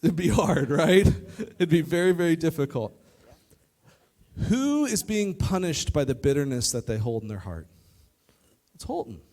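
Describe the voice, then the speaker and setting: A man preaching a youth sermon to a live audience, lively and joking, talking straight to the crowd. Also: fairly high pitch, a little slow. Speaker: youth pastor. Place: church youth service in front of an audience.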